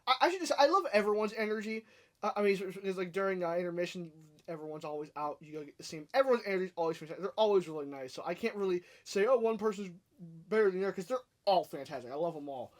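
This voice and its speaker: A man's voice: high-pitched, expressive, very fast. A man guesting on a casual podcast, who stammers and repeats words and laughs often.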